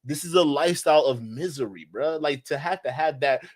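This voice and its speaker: A man's voice: fairly high pitch, fairly quick. A man hosting a reaction video, talking casually with profanity and bursts of disbelief. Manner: excitable, profane, outbursts of disbelief and laughter.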